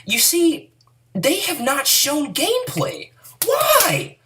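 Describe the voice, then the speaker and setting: A woman's voice: sits low, very animated, normal speed, a bit bright. A woman YouTuber sitting at home in an angry, profane rant about video games, rambling and restarting her sentences. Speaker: gaming YouTuber.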